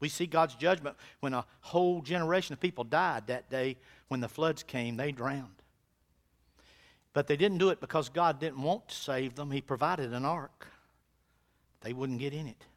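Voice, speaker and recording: A male pastor preaching a sermon in a church, with folksy phrasing, swinging from hushed asides to loud, fervent calls. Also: a little high, normal speed. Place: church sanctuary.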